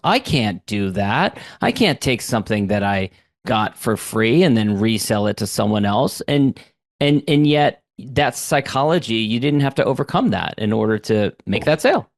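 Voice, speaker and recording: A man's voice: medium pitch, lively intonation, normal speed, no room sound, clean studio sound. A man hosting a business interview podcast, talking in an enthusiastic, conversational way. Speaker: podcast host.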